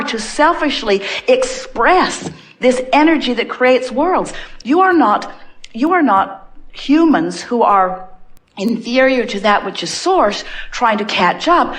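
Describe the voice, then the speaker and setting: A woman giving an inspirational talk to an audience as a spiritual teacher. She speaks as a collective "we", repeats phrases for emphasis and stretches out key words. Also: a little high.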